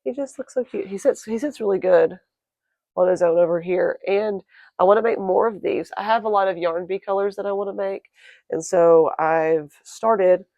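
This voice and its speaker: A woman crochet vlogger chatting casually to her viewers, quick and self-correcting, her voice croaky today. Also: lowish voice, warm tone, no echo. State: croaky, clearing throat. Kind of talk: casual chat to camera.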